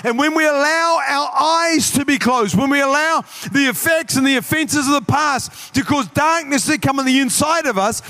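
A man preaching a sermon as pastor, building to shouted peaks and slipping into quick acted asides. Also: very high-pitched.

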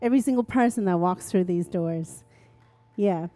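A woman's voice: fairly low pitch, moderate pace, warm tone. A woman giving a short testimony in a church hall, heartfelt and close to tears. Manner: emotional, heartfelt. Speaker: church member.

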